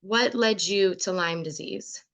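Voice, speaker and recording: A woman hosting a podcast interview, earnest and halting as she thinks aloud. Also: fairly low pitch, a bit bright. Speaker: podcast host. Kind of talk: casual interview chat.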